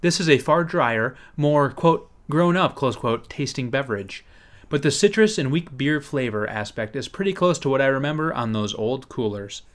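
A man's voice: medium pitch, lively intonation, normal speed. A man co-hosting a podcast, chatting casually and reading a review aloud in a wry, playful way. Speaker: podcast co-host.

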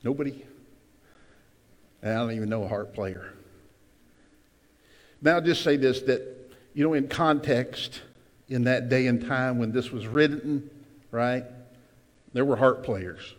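A man preaching a sermon to his congregation as pastor, emphatic, with sudden loud cries and asides to the room. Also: mid-range voice, unhurried, long pauses. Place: church sanctuary. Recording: long hall reverb.

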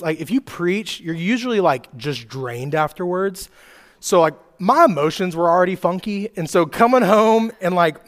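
A man in his thirties preaching to a church crowd in a loose, conversational way, leaning on "like" and "right?". His voice sits a bit high for a man. He moves from hushed, soft passages to bursts of loud, excited storytelling. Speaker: youth pastor. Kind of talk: sermon. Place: church hall with live audience.

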